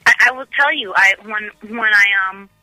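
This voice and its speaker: A very bright, sharp-toned woman from the United States chats as a musician guest, gushing with enthusiasm and restarting her sentences often. Her voice sounds close and dry. She talks in a casual interview style. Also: mid-range voice, normal speed, no echo, low-quality recording. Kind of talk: casual radio interview chat.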